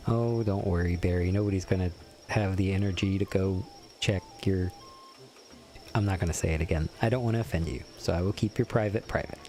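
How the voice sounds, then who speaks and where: A man's voice: deep voice, moderate pace, pauses often, mellow. A young man streaming a game, chatting casually and teasing his viewers as he reads their messages aloud. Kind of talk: casual gameplay commentary.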